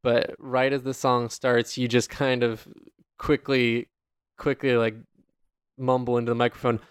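A man's voice: medium pitch, level tone, measured pace, smooth, no room sound. A man co-hosting a podcast, chatting casually with wry, rambling jokes and the odd swear. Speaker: podcast co-host. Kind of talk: casual chat.

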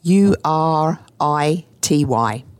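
A woman's voice: deep voice, drawn-out words. A woman with a mixed English and New Zealand accent, chatting emphatically as a podcast guest. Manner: animated, emphatic storytelling. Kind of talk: enthusiastic interview chat.

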